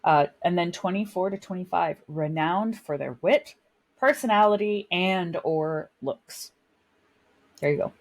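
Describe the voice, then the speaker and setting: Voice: medium pitch, animated, measured pace. A podcast co-host in casual chat, rambling and self-mocking, laughing often.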